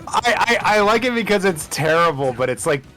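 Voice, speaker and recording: A man's voice: high-pitched, lively intonation, normal speed, sharp tone, soft background music. Chatty man gaming with a friend. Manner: chatty, hesitant, with restarts. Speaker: streamer's friend. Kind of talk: casual gaming stream banter.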